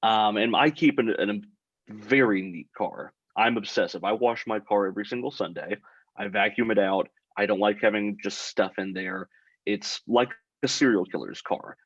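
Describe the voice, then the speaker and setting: Husky low-voiced man telling a story. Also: normal speed, dry recording, dull audio. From Texas. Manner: deadpan comic storytelling, acts out his own quotes. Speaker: podcast guest. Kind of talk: casual storytelling.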